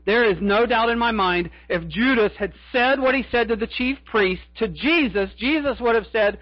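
A male pastor preaching a sermon in a church, dramatic, swinging between loud cries and hushed asides. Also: very high voice, normal speed, few pauses, dry recording, lo-fi sound.

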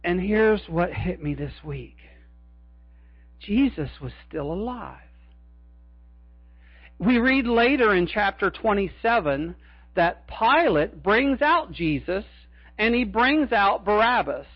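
A male pastor preaching a sermon in a church, dramatic, swinging between loud cries and hushed asides. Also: high-pitched, big pitch swings, takes it slowly, pauses often, slightly rough, no echo, highs cut off.

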